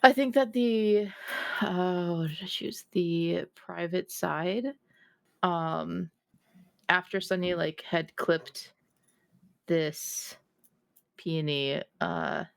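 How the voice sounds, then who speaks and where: A woman playing a tabletop game, describing her character in a thoughtful, hesitant way with many pauses. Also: lowish voice, vocal fry, no echo. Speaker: player.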